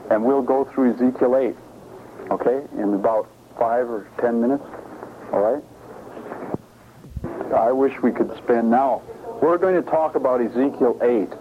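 A man preaching in a sermon-style Bible study, emphatic and asking his listeners questions. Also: mid-range voice. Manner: emphatic, asks the audience questions. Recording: lo-fi phone-like recording with faint hiss.

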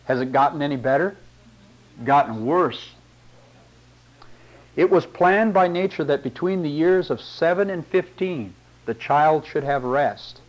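A man's voice: fairly high pitch, animated, measured pace, rough recording. Man preaching with rhetorical tag questions. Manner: reads long quotations aloud. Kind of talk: sermon reading and commenting on quotes.

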